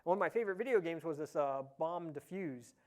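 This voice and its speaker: A fairly high-voiced man presents a tech talk at a conference. He speaks in a relaxed, chatty way and fills pauses with "uh" and "um". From Ohio, USA. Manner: relaxed, chatty, many "uh" fillers. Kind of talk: casual tech talk with live demo. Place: conference session room.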